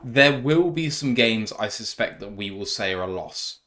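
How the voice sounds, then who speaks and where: A man's voice: fairly low pitch, expressive, moderate pace, a bit bright. Chatty man hosting a stream. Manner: reads out chat messages, chatty and joking. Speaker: podcast co-host. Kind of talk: casual live-stream chat.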